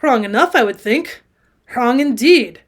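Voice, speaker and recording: A fierce, crafty Highland man who is loud and gruff, as a woman reads him in an audiobook. He barks his lines with force. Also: lively intonation, a little slow.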